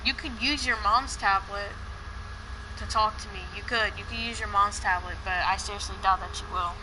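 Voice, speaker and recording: A woman's voice: mid-range voice, fairly even intonation, normal speed, noisy background. A woman in a heated personal argument on a call, talking in an upset, repetitive way and swearing.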